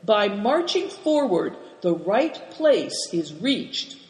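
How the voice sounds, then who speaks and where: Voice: medium pitch, very animated, takes it slowly. A reader voicing a timid, stubborn boy. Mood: earnest. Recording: roomy hall reverb.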